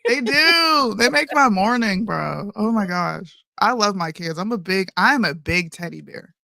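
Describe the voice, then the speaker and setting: A woman's voice: medium pitch, expressive, unhurried, vocal fry, sharp tone, no room sound, clean studio sound. A woman in her thirties co-hosting a casual chat show, talking emphatically and calling people "bro". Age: 30s. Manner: emphatic, says "bro" a lot. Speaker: podcast co-host.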